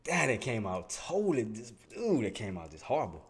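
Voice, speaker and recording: Male streamer, trading-show host; casual slangy chat with viewers, laughs a lot, mid-pitched voice. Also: wildly swooping pitch, a little fast, husky. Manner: laughing often, talking straight to chat in slang. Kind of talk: casual live-stream commentary.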